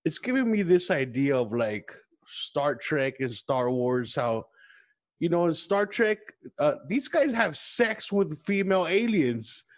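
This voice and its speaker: A man's voice: fairly high pitch, very animated, measured pace. A man appearing as a podcast guest, chatting casually in a laid-back way, swearing and calling people "dude". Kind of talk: casual chat.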